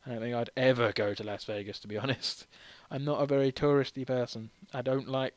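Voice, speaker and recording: A man's voice: mid-range voice, fairly even intonation, brisk, no room sound. A man giving casual let's-play commentary while tipsy, rambling and self-deprecating, laughing often as he talks. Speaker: game streamer.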